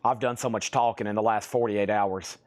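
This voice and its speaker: A man running a live-stream record sale in a store, rattling off titles and prices in a quick sales patter, tired and saying his voice is wearing out. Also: fairly low pitch, fairly even intonation. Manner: rapid auction-style calling of items and prices, chatty asides. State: tired, voice getting worn.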